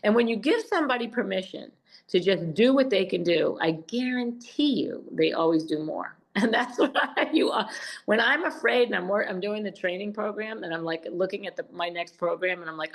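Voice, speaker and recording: A woman's voice: medium pitch, moderate pace, low-quality recording. A woman in her seventies, a podcast guest, telling stories in casual chat and acting out what other people said. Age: 70s. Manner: animated storytelling, acting out other people's lines.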